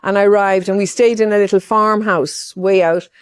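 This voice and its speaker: A woman's voice: mid-range voice, fairly even intonation, normal speed, smooth, dry recording, studio quality. Older woman telling a rambling heartfelt story. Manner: rambling, heartfelt, full of asides. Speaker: pilgrim giving testimony. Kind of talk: personal testimony storytelling.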